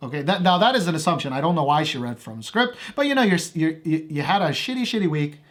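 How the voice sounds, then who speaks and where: A man's voice: fairly high pitch, expressive, fast talker, a bit bright. Casual man co-hosting a podcast. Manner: casual, thinking aloud with restarts. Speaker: podcast co-host. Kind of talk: casual chat. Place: indoor recording for a podcast.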